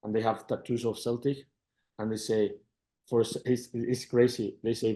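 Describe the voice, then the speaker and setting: A football manager in middle age, Mexican Spanish accent audible, responds to interview questions in hesitant English at medium pitch. He repeats words and becomes animated when he relays conversations.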